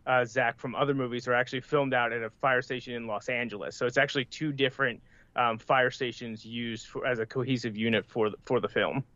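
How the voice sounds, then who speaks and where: A man guesting on a casual podcast, explaining facts in a measured way with fillers. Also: medium pitch, steady tone, bright, forceful tone, a little hiss or hum. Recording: dull, dry lo-fi sound.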